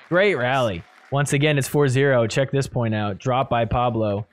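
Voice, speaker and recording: A man hosting a podcast, giving animated play-by-play commentary over match replays and laughing often. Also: medium pitch, normal speed. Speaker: podcast host. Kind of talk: excited sports recap commentary.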